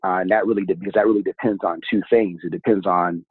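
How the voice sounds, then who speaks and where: Low husky man on a tinny line. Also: fairly even intonation, quick pace, dry recording. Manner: easygoing, explanatory, chuckles, repeats words. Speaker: podcast guest, BDSM and tantra practitioner. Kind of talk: casual interview talk. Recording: tinny phone-like audio, dry.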